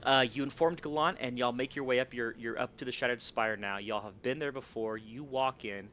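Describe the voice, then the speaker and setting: A man's voice: medium pitch, fairly quick, fairly bright tone, dull audio, slight background noise. A man narrating as game master of a tabletop game, rambling with fillers and restarts.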